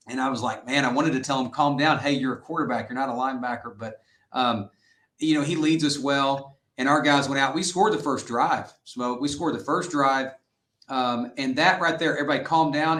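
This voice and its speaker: A middle-aged man coaching high school football talks earnestly through his stories, slipping into the voices of the people he quotes. His voice sits at an ordinary pitch for a man. The recording carries a noticeable room echo. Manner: earnest, animated storyteller who acts out quotes. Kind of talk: interview guest storytelling. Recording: roomy echoey sound.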